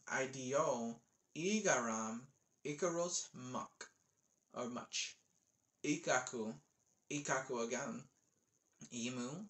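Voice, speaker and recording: A man slowly reading out a long list of names, one at a time, with offhand casual asides. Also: mid-range voice, sharp tone. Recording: roomy echo.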